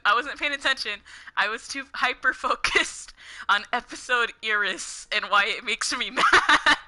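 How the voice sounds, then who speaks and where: A woman's voice: mid-range voice, sharp tone. A young woman casually ranting over her gameplay, giggling often and filling her talk with "like". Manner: giggly, heavy use of "like", ranting. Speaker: gaming streamer. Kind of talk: casual gameplay commentary, rambling.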